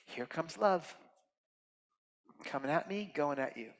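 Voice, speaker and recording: A man giving a heartfelt, expressive inspirational talk as a guest speaker at a temple, swinging from loud emphasis to soft near-whispers. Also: fairly high pitch, slow. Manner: earnest and heartfelt, tearful at moments. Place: temple sanctuary. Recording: reverberant hall.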